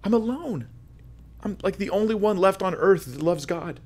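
A man's voice: sits high, animated, moderate pace, darkish tone, pitched above the performer's own voice. A man voicing a despairing, lonely male prophet who pleads in a whiny, rising voice. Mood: self-pitying.

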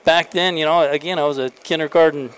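A man, a college baseball coach and guest, telling a story in a casual interview on a convention floor, animated and full of fillers and restarts. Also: on the high side, fairly quick, smooth, rough recording.

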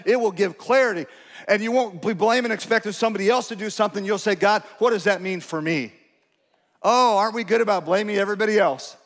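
A man with a high voice preaches a sermon in a large church, and his words ring out in a long hall reverb. He keeps it conversational, throwing questions to the congregation and poking fun at himself. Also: a bit bright. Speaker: pastor. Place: church sanctuary.

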